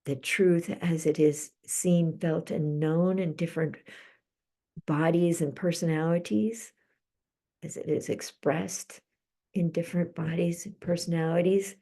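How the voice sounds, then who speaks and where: Slow, soothing speech comes from a middle-aged woman running a live-streamed psychic channeling session. Her voice is lowish and her tone steady, and at times she lowers it to soft whispers.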